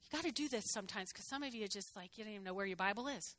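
A woman pastor in her sixties preaching a chatty, animated sermon with asides to the congregation. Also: medium pitch, very fast.

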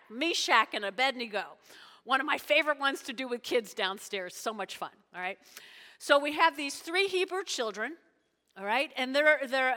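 Bright-voiced woman preaching in a hall. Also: high voice. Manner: conversational, emphatic, checks in with "okay?". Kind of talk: sermon.

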